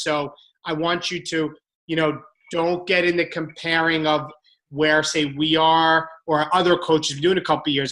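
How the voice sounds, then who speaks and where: A man's voice: fairly high pitch, pushed and bright. A man hosting a casual team call as a fitness coach, speaking candidly in long run-on stretches.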